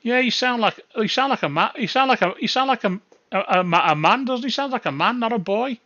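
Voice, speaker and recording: A man's voice: very high voice, animated, fairly quick, bright, forceful tone, dry recording, dull audio. A man hosting a live stream, chatting casually, laughing and swearing with his callers. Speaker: livestream host.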